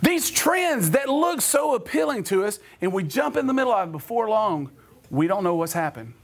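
A middle-aged man whose voice sits unusually high for a man. He speaks as a youth minister addressing a group of teenagers, telling animated, humorous stories and throwing questions at the crowd. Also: moderate pace. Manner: animated storytelling with audience questions.

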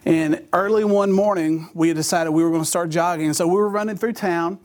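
A man's voice: sits high, steady tone, fairly quick. A man preaching a sermon, telling a funny personal story and laughing at his own jokes.

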